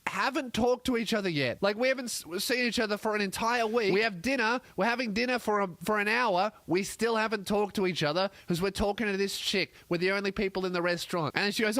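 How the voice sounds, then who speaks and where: A man's voice: sits high, quick pace, hardly any pauses, fairly bright tone, dry recording. A man telling a comic story in a sweary, exasperated rant, acting out other people's lines. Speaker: comedian host. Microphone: podcast microphone.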